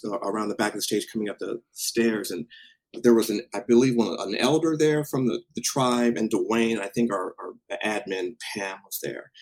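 A man casually telling a story from his past, animated and acting out what people said, with some swearing. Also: medium pitch, low-quality recording. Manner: animated, acts out quotes, swears.

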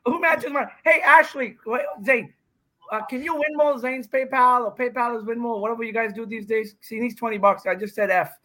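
A man's voice: very high-pitched, brisk. A man in his fifties from India, a podcast guest telling rambling, joking stories in casual chat. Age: 50s. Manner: excitable, joking, rambling storyteller. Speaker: podcast guest, pickleball pro.

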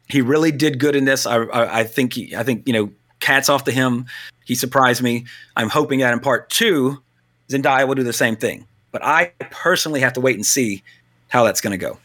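A man co-hosting a casual film talk, blunt and animated, swearing now and then. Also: mid-range voice, fairly quick. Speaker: podcast co-host.

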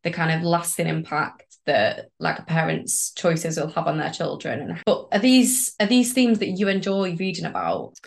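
Relaxed woman book podcast host. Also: on the low side, moderate pace, vocal fry, few pauses. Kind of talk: casual book chat.

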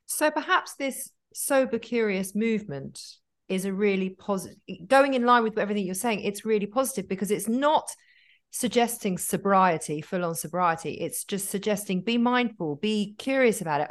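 A woman's voice: medium pitch, animated, moderate pace. A woman co-hosting an interview who asks questions and insists on her point. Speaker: co-host. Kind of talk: conversational interview.

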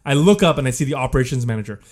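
A man's voice: mid-range voice, lively intonation, racing, darkish tone. A man on a podcast telling a long embarrassing story in a casual, profane way, often laughing as he goes. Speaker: podcast co-host.

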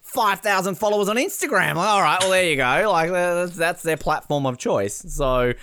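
A man hosting a casual podcast, jokey and quick to laugh. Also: high-pitched, lively intonation, bright, forceful tone, a little hiss or hum. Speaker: podcast host.

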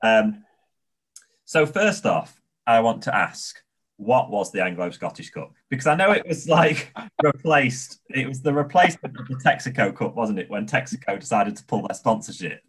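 A man's voice: medium pitch, big pitch swings, normal speed, fairly bright tone, husky. A man in his thirties hosting an interview, asking questions hesitantly with many fillers. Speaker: interviewer, host.

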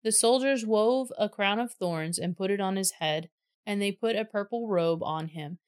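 A woman's voice: mid-range voice, normal speed, clear, resonant tone. Woman reading scripture steadily. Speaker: scripture reader.

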